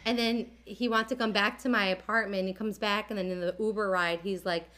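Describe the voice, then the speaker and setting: A young woman in her twenties telling funny dating stories in an animated, laughing way. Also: medium pitch, fairly quick. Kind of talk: casual chat, storytelling.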